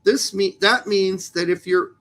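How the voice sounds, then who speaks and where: A man's voice: high-pitched, fairly even intonation, measured pace, a bit bright. A man co-hosting a soccer podcast in a casual, joking chat, teasing his co-host about pronunciations.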